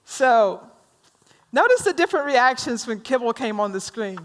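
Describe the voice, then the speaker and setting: A woman's voice: high-pitched, big pitch swings, slow, pauses often. Southern woman minister teaching a workshop. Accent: Southern US drawl. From rural North Carolina. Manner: conversational, teasing the audience, asks them questions.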